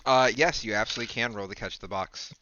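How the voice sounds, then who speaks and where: A man's voice: mid-range voice, fast, background noise. A man narrating as game master in a casual, hesitant way, with many fillers. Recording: dry, dull lo-fi mic.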